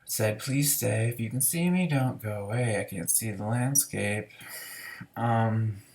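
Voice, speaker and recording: Low-voiced guy rambling through an album review, lots of ums and restarts, super into it. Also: a little slow, a little mellow. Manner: rambling, enthusiastic, many fillers and restarts. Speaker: music reviewer. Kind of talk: casual spoken album review.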